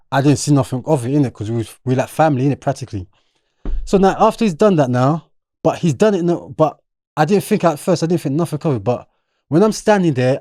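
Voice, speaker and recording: A man's voice: fairly high pitch, no room sound, clean studio sound. A young man with a South London accent, a podcast guest telling a story in casual street slang and acting out what others said. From London, England. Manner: animated, street slang, acts out quotes.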